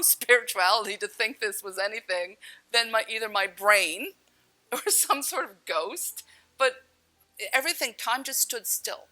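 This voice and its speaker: A woman's voice: a little high, lively intonation, a little slow, sharp tone, rough recording. A woman telling a personal story in a candid, blunt way, swearing now and then and laughing at herself. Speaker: storyteller recounting a near-death experience. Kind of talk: personal testimony.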